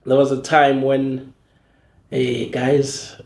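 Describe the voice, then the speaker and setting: A man with a Zulu-accented South African English accent, whose first language is Zulu, talking as a podcast guest in an animated storytelling way, often restarting his sentences and mimicking other people's voices. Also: mid-range voice, takes it slowly, echoey room. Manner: frequent restarts and fillers. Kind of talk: casual storytelling interview.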